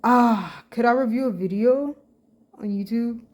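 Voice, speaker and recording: A woman's voice: fairly high pitch, measured pace, a little mellow. A woman vlogging casually as she reads social media posts aloud and reacts bluntly, with plenty of slang and swearing. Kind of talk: casual reaction vlog, reading comments aloud.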